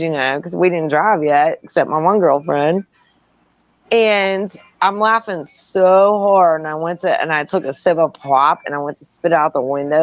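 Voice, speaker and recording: A middle-aged woman telling a wild story in casual chat, animated, laughing often, and swearing freely. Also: fairly low pitch, dry recording, lo-fi sound.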